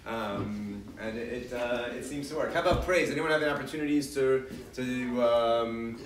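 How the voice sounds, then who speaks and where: With a medium-pitched voice at normal speed, a man gives a casual parenting lecture in a large hall, answering audience questions and often going back over his words. The mic is distant, picking up the hall's echo.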